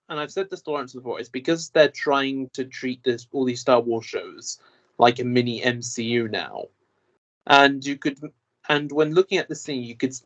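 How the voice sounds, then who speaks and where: A man in casual review chat, laying out his argument in a measured way. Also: medium pitch, fairly bright tone, dull audio. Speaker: podcast co-host.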